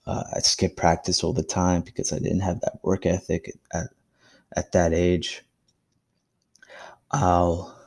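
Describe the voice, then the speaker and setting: A man's voice: low-pitched, creaky, darkish tone. A young man hosting his own podcast, telling a personal story in a casual, reflective and encouraging way. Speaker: podcast host. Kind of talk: casual solo podcast monologue.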